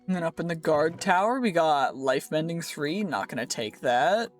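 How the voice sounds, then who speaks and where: A man's voice: fairly high pitch, lively intonation, moderate pace, soft background music. A man giving playful, rambling let's play commentary over his gameplay, joking at his own slips. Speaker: gaming YouTuber.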